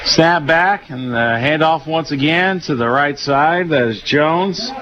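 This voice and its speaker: A tired Southern man calls a football game as a radio play-by-play announcer, his voice a little high and his pace slow. He sounds relaxed and folksy and uses lots of fillers. The audio is a dull, lo-fi radio broadcast.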